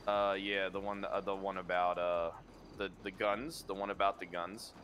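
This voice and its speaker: A man's voice: sits low, level tone, normal speed, a bit bright, slight background noise. A man talking in character over voice chat, rambling and restarting his sentences as he explains his case. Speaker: roleplay character under investigation.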